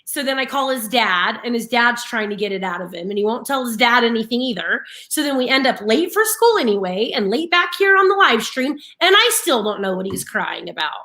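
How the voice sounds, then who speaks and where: A woman's voice: fairly high pitch, brisk, hardly any pauses. A woman in her thirties co-hosting a casual morning live show, telling stories animatedly with flashes of frustration. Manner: animated storytelling, frustrated and laughing. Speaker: live stream co-host.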